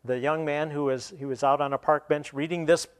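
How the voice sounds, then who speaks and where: A man preaching a sermon, retelling scripture and then explaining it with pauses and restarts. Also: on the high side, fairly even intonation.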